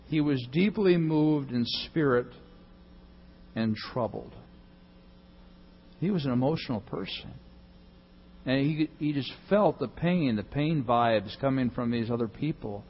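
A male pastor giving a sermon, swinging between loud emphasis and soft, hushed reading. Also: medium pitch, a little slow, pauses often, lo-fi sound, a little hiss or hum.

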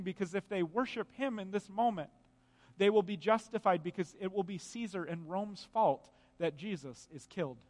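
A man's voice: high-pitched, in a large hall. A man preaching a sermon, reading scripture aloud and explaining it with earnest emphasis and pointed rhetorical questions.

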